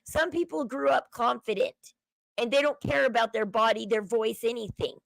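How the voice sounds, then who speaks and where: A woman's voice: a little high, moderate pace, creaky, no room sound, rough recording. A woman with a Southern accent, livestream host chatting casually to her viewers, with a chatty valley-girl way of talking.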